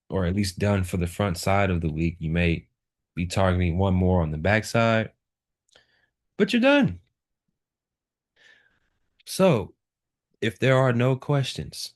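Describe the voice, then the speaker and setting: Deep-voiced, slow, emphatic male trading coach. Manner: emphatic, repeats key words for emphasis. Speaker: trading instructor. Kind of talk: live chart walkthrough lesson.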